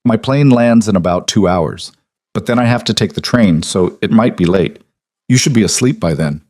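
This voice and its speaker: A gentle, weary single father speaks softly and lovingly to his little girl, as a man reads him. The voice sits low and plain, like the narrator's own. The sound is dry and close. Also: normal speed, no echo, close to an everyday voice. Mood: tender. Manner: soft and fond with his daughter.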